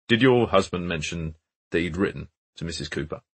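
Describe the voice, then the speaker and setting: A man's voice: deep voice, lively intonation, brisk, fairly bright tone, slightly rough, full character voice. A man voicing a blunt, persistent male detective who asks direct, pressing questions. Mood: probing.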